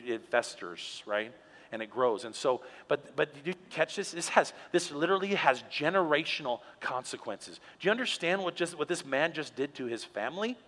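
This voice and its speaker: A male pastor preaching a sermon in an animated storytelling way, dropping quiet for emphasis. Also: fairly high pitch. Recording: long hall reverb.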